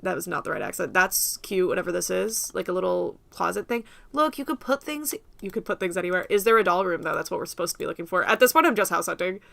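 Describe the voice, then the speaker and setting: A woman's voice: fairly low pitch, animated, fast talker, vocal fry, few pauses, fairly bright tone, dry recording. A young woman from the United States hosting a casual livestream, rambling and laughing often as she talks to viewers. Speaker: livestream host.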